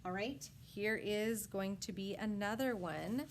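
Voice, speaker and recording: A woman teaching a first grade phonics lesson, sounding out words slowly piece by piece and praising often. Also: mid-range voice, slight background noise. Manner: slow, sound-by-sound enunciation with frequent praise. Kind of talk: phonics lesson for young children.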